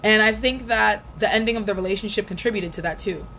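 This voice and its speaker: A woman's voice: medium pitch, quick pace. Candid young woman telling a breakup story. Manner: candid, profane, animated storytelling. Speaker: vlogger. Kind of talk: casual storytelling. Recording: faint background noise.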